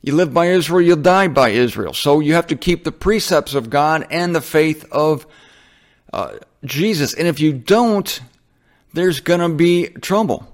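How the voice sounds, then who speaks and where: A man's voice: a little high, lively intonation, measured pace. Chatty, wry male Bible teacher. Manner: chatty, wry, self-correcting, addresses listeners as folks.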